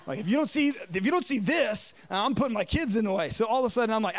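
Animated high-voiced male preacher. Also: normal speed, creaky. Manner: animated storyteller acting out voices. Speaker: pastor. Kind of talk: sermon with personal story.

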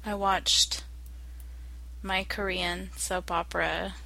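A young adult woman in casual chat, talking slowly and hesitantly with many fillers. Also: fairly low pitch, flat delivery, vocal fry, sharp tone, rough recording. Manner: slow, hesitant, lots of fillers.

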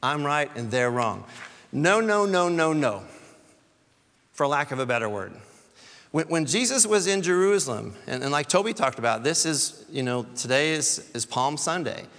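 A man's voice: mid-range voice, lively intonation, moderate pace, a bit bright, long reverb tail. A man, a church elder, preaching a conversational sermon, often repeating words and rising to emphatic peaks.

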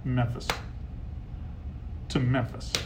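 A man hosting a casual live sports talk stream, heckling rivals and getting loud when riled. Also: medium pitch, little pitch movement, slow, noisy background. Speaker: sports show host.

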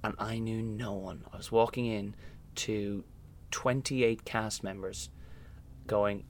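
At normal speed and medium pitch, a young man from Ireland talks through stories in an easygoing interview. A musical theatre performer, he's animated and acts out the different voices in each tale.

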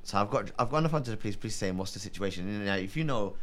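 A young man tells a story at a quick clip. His pitch swings widely as he acts out the people he describes, in a loose, casual chat. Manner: animated, acts out voices in quotes. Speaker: cab driver telling a story.

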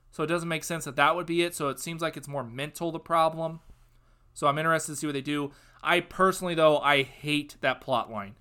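A young man with a bright, forceful voice, pitched a little above most men. He talks casually as a podcast host and slides into loud, sarcastic, worked-up ranting. The tone is an opinionated review.

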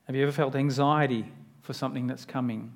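A man's voice: medium pitch, fairly even intonation, fast, gravelly. A man preaching a sermon in an earnest, conversational way, often turning to the listener with direct questions.

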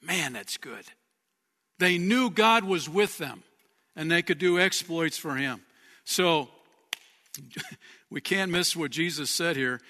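A man preaching a sermon as pastor, in a lively, conversational way with frequent chuckles. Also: high-pitched, takes it slowly. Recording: long church-hall reverb.

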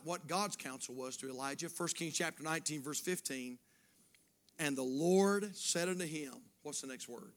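High, fervent preaching man. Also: normal speed. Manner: swings from hushed near-whispers to loud fervent preaching; repetitive, rhythmic exhortation. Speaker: pastor. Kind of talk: sermon.

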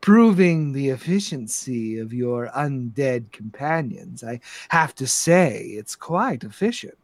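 A man voicing a sly old sorceress grandmother with sharp teeth, speaking softly and drawing out her words. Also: mid-range voice, lively intonation, takes it slowly, no echo, pitched below the performer's own voice. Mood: silky menace.

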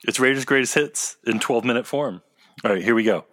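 A man's voice: mid-range voice, fairly quick, a bit bright. A man co-hosting a podcast in casual, upbeat chat, joking and moving the listening along. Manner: upbeat, jokey, steers the listening. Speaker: podcast co-host.

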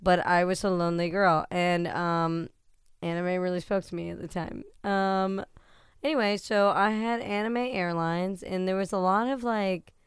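A woman's voice: on the low side, fairly even intonation, measured pace, clean tone, dry recording, studio quality. A woman in her thirties co-hosting a podcast, rambling in casual chat with lots of "like"s and laughing asides. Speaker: podcast co-host.

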